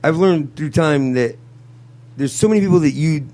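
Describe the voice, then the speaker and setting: A man hosting a live talk show, joking crudely and laughing loudly. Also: a little high, normal speed. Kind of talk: casual chat. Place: radio studio. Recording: music playing under the voice.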